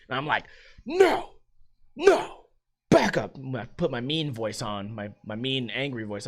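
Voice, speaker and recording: A man's voice: mid-range voice, a bit bright. A man hosting a casual solo podcast from home, rambling and swearing often. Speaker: podcast host.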